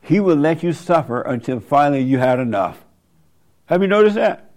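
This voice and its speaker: A man's voice: on the high side, animated, normal speed, a little mellow. A man hosting a casual, preachy monologue, rambling and colloquial, often laughing at his own remarks.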